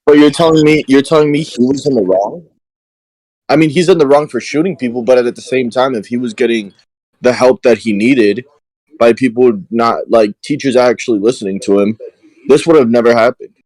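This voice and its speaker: A man's voice: medium pitch, fairly quick, darkish tone, no echo, low-quality recording. A man in a casual podcast chat, talking emphatically and saying dude a lot.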